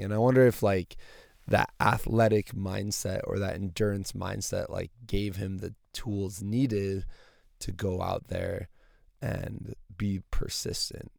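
Gravelly-voiced man recording in a car. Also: deep voice, unhurried, a little mellow, no echo, studio quality. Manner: rambling, enthusiastic, many fillers. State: gravelly morning voice. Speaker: podcast host. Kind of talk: casual solo podcast outro. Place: inside a parked car.

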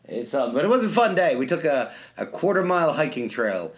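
A man's voice: on the high side, very animated, brisk. A man co-hosting a podcast, telling casual stories and swearing freely. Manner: laid-back storyteller, swears freely. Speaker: podcast co-host. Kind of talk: casual chat.

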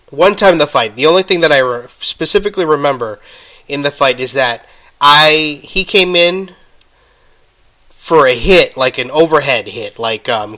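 A man hosting a podcast, telling a story in casual solo talk while getting over an illness, halting with many ums and restarts and stopping now and then to cough. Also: medium pitch, sharp tone. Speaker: podcast host.

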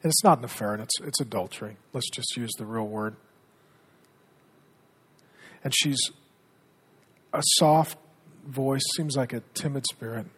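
A middle-aged man preaching a sermon as pastor, earnest, dropping to a hushed tone when telling stories. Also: mid-range voice, measured pace, pauses often, slightly rough.

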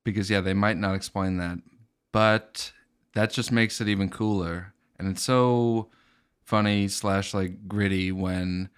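A man co-hosting a comedy podcast in casual, crude banter. His voice sits low and sounds smooth and resonant. He delivers jokes deadpan. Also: unhurried. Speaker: podcast co-host.

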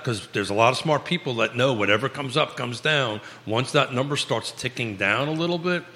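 A man's voice: on the low side, pushed and bright, long reverb tail. A man with a Virginia accent hosting a live real estate talk show, folksy and repetitive, calling himself Batman. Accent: American Virginia. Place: local live broadcast studio.

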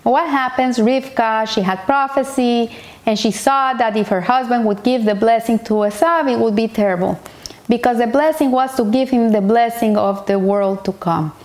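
A woman's voice: on the high side, normal speed, a little mellow. A woman teaching a Torah portion as a story, retelling it earnestly with frequent restarts and Hebrew terms mixed in.

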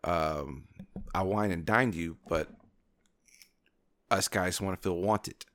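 Male co-host, deep low voice, earnest and halting, dry close mic. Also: a bit bright, no echo. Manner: earnest, hesitant, restarts often. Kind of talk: casual chat.

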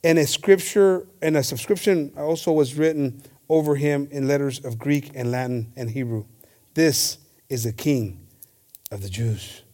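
A man's voice: medium pitch, measured pace, darkish tone. A man preaching a bilingual sermon, reading scripture and often stammering and restarting as he calls his listeners "hermanos". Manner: switches between English and Spanish, repeats "hermanos".

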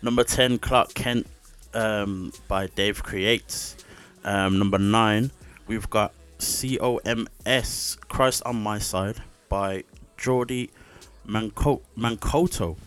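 A man co-hosting a radio show, reading out a top ten chart and pausing with fillers. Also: lowish voice, steady tone, fairly bright tone, clear, resonant tone. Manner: unhurried, pausing with "um". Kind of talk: casual chat, reading out a chart.

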